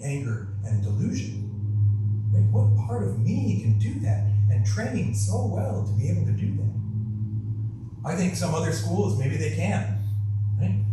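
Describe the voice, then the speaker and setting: A man's voice: medium pitch, mellow, heavy reverb, distant mic, a little hiss or hum, rough recording. A male guest minister giving a reflective, conversational sermon, often checking in with "right?". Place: temple hall.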